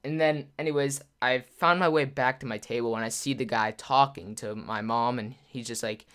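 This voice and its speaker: A man telling a personal story in a casual vlog, his voice sitting in a middle pitch. He rambles and restarts, sprinkling "like" through every sentence, and slips into other people's voices when he quotes them. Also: moderate pace, a bit bright, smooth. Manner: rambling, filler-heavy, says "like" constantly. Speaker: gaming YouTuber.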